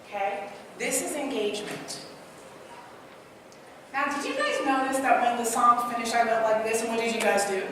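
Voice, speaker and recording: A woman from Trinidad giving an interactive workshop talk, animated and quizzing her audience. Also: on the high side, moderate pace, long pauses. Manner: animated, asks the audience many questions. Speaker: speaker and trainer. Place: large hall. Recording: echoey hall from far off, noisy.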